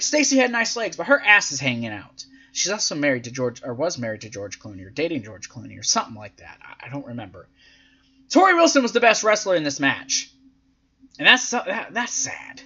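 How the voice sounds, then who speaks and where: Animated, profane man recapping wrestling matches. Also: on the high side, lo-fi sound. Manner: profane, sarcastic, animated, acts out quotes in silly voices. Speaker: podcast host reviewing wrestling events. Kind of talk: casual commentary and recap.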